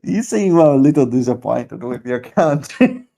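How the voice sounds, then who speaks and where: Slow, mellow-voiced teasing man. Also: medium pitch, animated, creaky. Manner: laid-back, teasing, laughs a lot. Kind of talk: casual chat.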